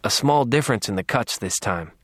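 A man's voice: mid-range voice, expressive, a little fast, a bit bright, breathy edge, no echo, studio quality. A man playing a blunt coworker with broken English. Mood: matter-of-fact. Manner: broken English, matter-of-fact. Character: blunt male forensic coworker, non-native English.

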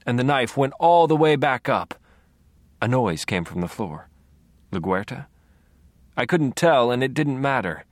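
A man narrating a dark first-person audiobook in a low, brooding, measured voice on a close studio mic. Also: very animated, no room sound.

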